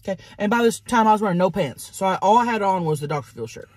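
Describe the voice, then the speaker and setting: A woman vlogger telling a crude story in a fast, animated way while eating. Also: medium pitch, dry recording.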